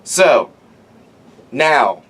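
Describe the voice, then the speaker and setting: A man's voice: medium pitch, very slow, husky. Rambling, profane young man telling stories. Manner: rambling, profane, animated, lots of "like". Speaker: podcast host. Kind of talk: casual storytelling monologue. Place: outdoors.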